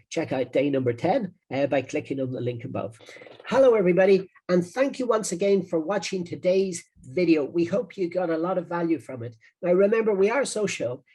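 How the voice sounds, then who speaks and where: Man, Irish accent, middle-aged, online marketing coach, rambling sales patter, mellow tone, husky. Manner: chatty, rambling, with frequent "uh" fillers and sales-pitch phrasing. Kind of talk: online video lesson.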